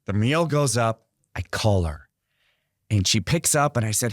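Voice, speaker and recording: Earnest, low-voiced male interview guest. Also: lively intonation, normal speed, pauses often, no echo, studio quality. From Iran. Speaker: guest artist. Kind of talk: interview, storytelling.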